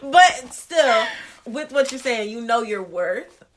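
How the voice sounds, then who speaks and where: A young woman co-hosting a podcast, frank and animated in casual chat, laughing easily. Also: a little high, slow, noisy background. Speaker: podcast co-host.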